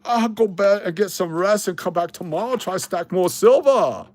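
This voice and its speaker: A goofy, squeaky character who gushes over every silver coin he stacks, as a man puts the voice on during his livestream. The delivery is slow, sing-song and exaggerated, pitched well above an ordinary speaking voice. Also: expressive, darkish tone, a little hiss or hum. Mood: goofy excited.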